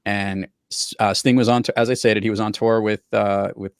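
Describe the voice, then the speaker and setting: Lively man hosting a podcast, dry sound. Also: on the low side, moderate pace, smooth, no room sound. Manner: lively anecdotal storyteller; professional speaker. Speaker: podcast host. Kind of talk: casual podcast chat.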